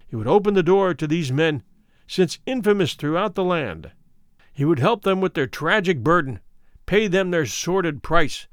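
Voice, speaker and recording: Expressive male storyteller, lively pitch. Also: no room sound, studio quality. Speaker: audiobook narrator. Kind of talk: scripted narration of a classic story.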